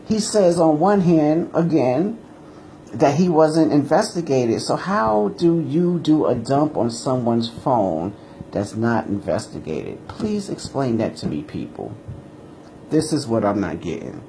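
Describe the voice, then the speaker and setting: Indignant man ranting with a gravelly voice. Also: medium pitch, sing-song, measured pace, dark tone, a little hiss or hum. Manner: combative and indignant, repeating himself. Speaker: martial arts teacher answering a rival. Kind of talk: ranting monologue video.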